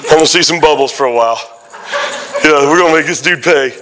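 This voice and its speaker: Preacher putting on a smug sarcastic young dude, mocking and rushing, bright pushy voice. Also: male voice, fairly high pitch, in a large hall, a little hiss or hum. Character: sarcastic young man taunting someone.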